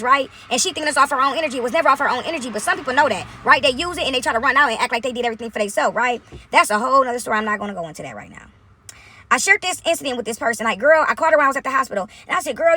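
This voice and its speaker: Casting: bright, high-voiced woman, quick casual storytelling. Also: no room sound. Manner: animated, talks straight to viewers with frequent "right?".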